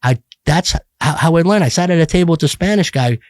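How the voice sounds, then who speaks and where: A man's voice: a little high, expressive, fast talker, dry recording, studio quality. A middle-aged man talking bluntly and profanely as a podcast guest, rambling with many restarts. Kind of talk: casual podcast conversation.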